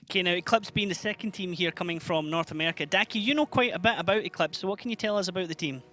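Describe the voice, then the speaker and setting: A man hosting esports commentary, briskly prompting his co-caster with questions. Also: sits high, pushed and bright, faint music behind.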